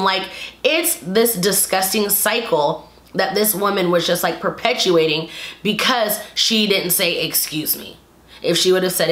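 A woman's voice: mid-range voice, a bit bright, echoey room. A woman giving casual commentary in a vlog, talking emphatically and repeating her points for stress. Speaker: video commentator.

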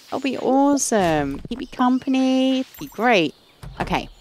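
A woman hosting a gaming channel, giving excitable let's-play commentary with gasps and gushing. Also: sits high, unhurried, slight background noise.

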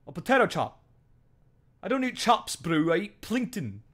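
A man's voice: high voice, big pitch swings, fairly bright tone, pitched above the performer's own voice, exaggerated voice. Give me a man playing a stranded whale with a New Zealand accent, whining each line. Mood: whiny panic. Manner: quoting a viral clip, drawn-out "bro". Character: beached whale, whiny male, stranded.

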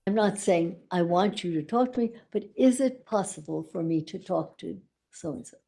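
A woman with a gravelly, mellow voice testifies from the witness stand. She answers in a measured, slightly defensive way as she explains herself. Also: lowish voice, animated. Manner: measured and defensive under questioning. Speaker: expert witness. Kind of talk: courtroom testimony.

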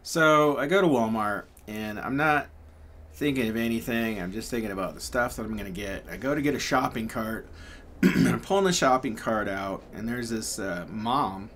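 A man's voice: on the low side, vocal fry, a bit bright, slight background noise. A man telling a story casually, rambling and chatty, with lots of fillers and laughs. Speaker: pyrography channel host.

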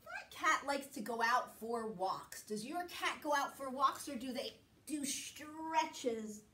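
A woman's voice: high-pitched, lively intonation, slow, pushed and bright, roomy sound, far from the mic. A woman leading a children's yoga class in a playful, sing-song way, making animal sounds as she goes. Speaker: kids' yoga teacher.

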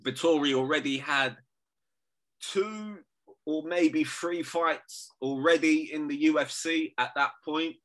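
A man, his voice slightly high and bright. He banters over a call in an animated, teasing way and swears freely. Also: slow. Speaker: podcast co-host. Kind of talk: casual banter.

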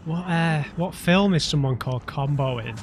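A man's voice: on the high side, normal speed, gravelly, slight background noise. Self-deprecating man commenting on a game. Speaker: let's play host. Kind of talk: casual gameplay commentary.

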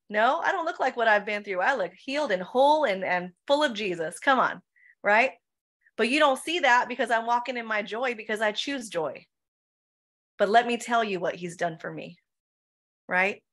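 A woman pastor of Filipino heritage, her voice at a medium pitch. She preaches in a lively Q&A setting, firing off rhetorical questions and driving each point home with "right?" and "come on.". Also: brisk. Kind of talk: preaching in a Q&A session.

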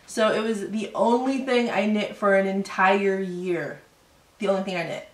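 A woman in her thirties, co-hosting a casual knitting podcast, chatty and quick to laugh, still a little sick. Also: mid-range voice, fairly even intonation, recorded from a distance. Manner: chatty, laughing, self-deprecating. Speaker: podcast co-host. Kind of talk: casual chat about knitting. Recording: roomy echo, voice a bit off-mic.

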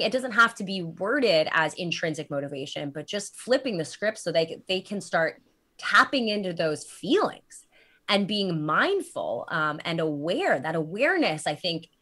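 A woman's voice: lowish voice, bright, forceful tone. A woman in her thirties, a running coach and guest author, talking earnestly and thoughtfully in casual podcast chat. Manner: earnest, thoughtful, frequent ums.

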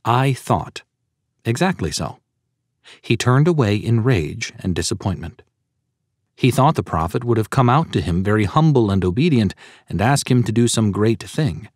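A man's voice: fairly low pitch, animated, moderate pace, a little mellow, dry recording, clean studio sound. A man narrating a sermon audiobook in an earnest, preaching tone and citing scripture verses.

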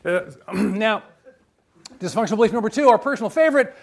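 A man's voice: sits high, fairly quick, creaky. A man giving a humorous university lecture, joking and quizzing his audience. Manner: lively and joking, asks the audience questions.

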